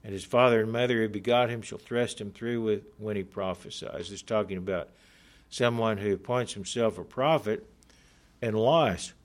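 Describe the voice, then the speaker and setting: The speaker is a man with a fairly low voice preaching a sermon. He reads scripture aloud, explains it in an earnest, emphatic manner, and slows down to stress key points.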